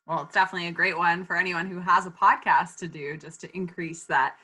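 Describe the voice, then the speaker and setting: A woman's voice: on the low side, steady tone, quick pace, sharp tone, breathy edge. A woman hosting a podcast interview, encouraging and upbeat as she moves between her guest's tips. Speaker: podcast host.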